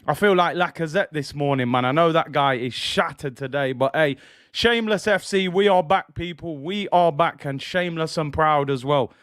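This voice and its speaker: A young man hosting a lively football fan stream, hyped and playful, shouting out his chat while tired after a late night. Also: fairly high pitch, normal speed, dry recording, studio quality. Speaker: football channel host.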